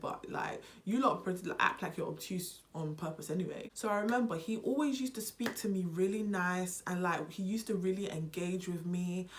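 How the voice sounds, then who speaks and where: A young British woman chatting on her vlog in an animated, playful way, switching between a British and a Nigerian accent. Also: on the low side. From United Kingdom. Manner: animated and unserious. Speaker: vlogger. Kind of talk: casual vlog chat.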